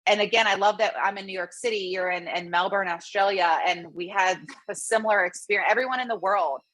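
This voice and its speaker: A woman's voice: medium pitch, fairly quick. A woman guest author and coach, talking earnestly and with feeling on a remote interview call. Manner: earnest, animated, emotional. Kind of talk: conversational interview. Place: New York City.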